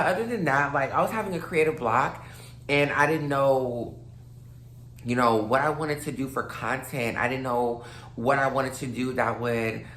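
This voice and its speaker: A woman's voice: extremely low pitch, fairly bright tone, roomy sound, a little hiss or hum. Tipsy rambling woman in her late twenties. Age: late 20s. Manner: loose, rambling, many fillers, addresses viewers as y'all. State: a little tipsy, slightly slurred. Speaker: vlogger. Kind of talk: casual rambling monologue to camera.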